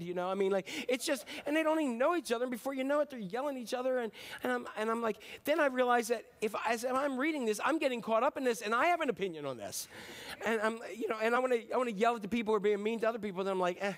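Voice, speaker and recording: High-voiced man in his fifties preaching. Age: 50s. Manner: conversational, jokey, acts out quick impressions. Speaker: pastor. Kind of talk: sermon.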